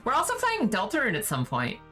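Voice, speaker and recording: A young woman hosting a casual stream, chatting and laughing often in high bursts. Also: wildly swooping pitch, a little fast, fairly bright tone, faint music behind. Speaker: streamer host. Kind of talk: casual chat.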